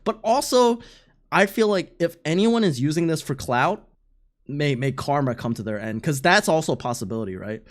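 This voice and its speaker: A streamer reacts live in a loose, casual way, full of slang, swearing and bursts of laughter. The pitch swings widely from low mutters to high exclamations while the voice sits at a middle height. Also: animated, moderate pace.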